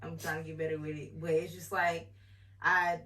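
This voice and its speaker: A woman's voice: low-pitched, moderate pace, distant mic, slight background noise. A woman co-hosting a podcast, talking candidly and with animation in casual chat. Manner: candid, animated, trails off with "blah, blah". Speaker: podcast co-host. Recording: roomy sound from off-mic.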